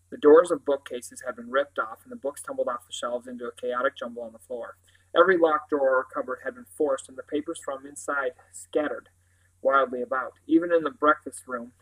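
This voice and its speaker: A man reading a children's novel aloud in a steady, plain narrating voice. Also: mid-range voice, low-quality recording. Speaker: reader.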